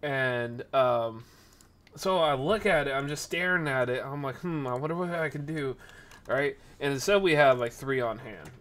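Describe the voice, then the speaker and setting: A man hosting a podcast, telling a rambling story in a casual, animated way, correcting himself as he goes and acting out the people in it. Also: normal speed. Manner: animated, acts out the people in his story with jumps in pitch and volume. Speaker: podcast host.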